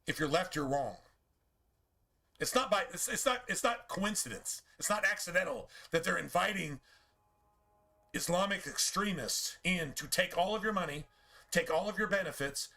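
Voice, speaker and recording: A man's voice: high-pitched, pushed and bright. A man streaming a game, talking in a casual, profane, preachy rant full of rhetorical questions.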